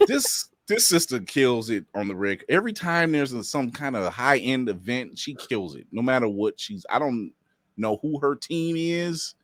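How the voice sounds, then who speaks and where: A man co-hosting a casual chat, animated, laughing often and acting out quotes. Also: mid-range voice, moderate pace, dry recording, clean studio sound. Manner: animated, laughs a lot, mock-quotes others.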